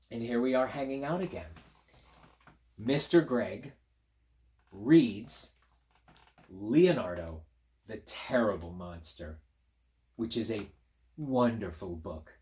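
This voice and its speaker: A man reads a picture book aloud to young children, pausing for friendly asides and counting details on the page. His pitch leaps around expressively, and he takes his time. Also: lively intonation, a little mellow, slightly rough. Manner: chatty, talks straight to young listeners; playful asides and counting along. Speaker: teacher reading to children.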